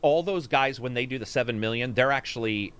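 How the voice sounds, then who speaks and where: Male podcast host, animated and profane, casual gaming banter. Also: a little fast, clean tone. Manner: swearing, animated, jumps pitch for mock quotes. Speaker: podcast host reading chat. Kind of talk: casual chat.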